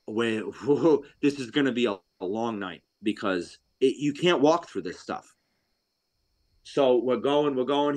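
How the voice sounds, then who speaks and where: A man from Rhode Island telling a hunting story on a podcast in a casual, animated way, acting out what people said. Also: mid-range voice. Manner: animated, acts out quotes, laughs often. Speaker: podcast guest, deer hunter.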